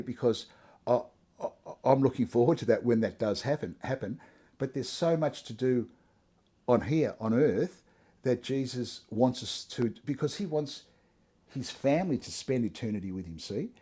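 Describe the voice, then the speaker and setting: Middle-aged man, mellow tone, earnest, chatty interviewee. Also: mid-range voice, animated, normal speed, breathy edge. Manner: earnest, conversational, frequent restarts and "you know". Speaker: interviewee sharing his testimony. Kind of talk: casual interview.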